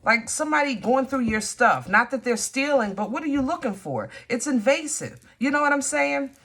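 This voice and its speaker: A woman giving a tarot reading straight to her viewers, animated and blunt, cursing when frustrated. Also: high-pitched, moderate pace. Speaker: tarot reader.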